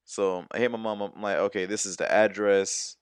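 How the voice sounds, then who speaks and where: In a dry, studio-quality recording, a young man with a lowish, clean voice tells a personal story at a fairly quick clip. He's a storyteller vlogger who rambles in slang, packing in fillers and quoted exchanges as he animatedly retells what happened.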